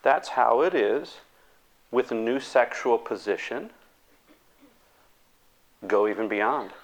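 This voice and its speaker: A man giving a lecture, animated and acting out the voices of the people in his examples. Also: medium pitch, slow pace. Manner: animated, acts out quoted voices.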